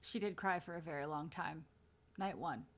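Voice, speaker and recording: Female streamer, bright tone, casual blunt watch-party commentary, swears freely. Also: sits low, moderate pace.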